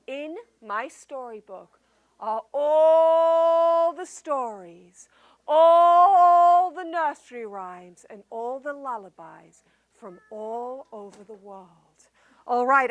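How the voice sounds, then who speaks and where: A woman entertainer telling a story live to young children, animated and sing-song with drawn-out emphasis. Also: high voice, muffled recording.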